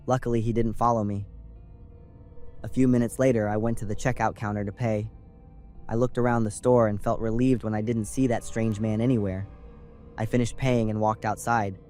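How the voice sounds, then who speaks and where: Young guy from california telling a creepy story, lowish voice, steady, soft music under it. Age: young adult. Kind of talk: scripted horror story narration. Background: faint music.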